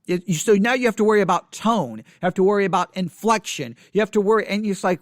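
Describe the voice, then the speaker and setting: A man reading from an article and commenting on it in an earnest way, often halting and restarting his sentences. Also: high voice, dry recording, clean studio sound. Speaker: Christian commentator.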